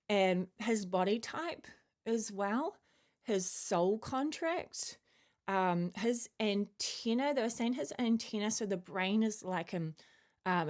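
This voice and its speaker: A woman's voice: fairly low pitch, darkish tone. Woman, casual spiritual monologue, rambling, lots of um and like, chewing a mint. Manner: rambling, filler-heavy, musing; chewing a mint while talking. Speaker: channeler sharing spiritual messages.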